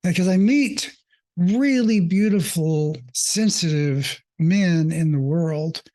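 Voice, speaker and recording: Man, coach, unhurried personal monologue, reflective and openly emotional. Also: fairly high pitch, dark tone. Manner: reflective, halting, with many fillers. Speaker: mindfulness coach.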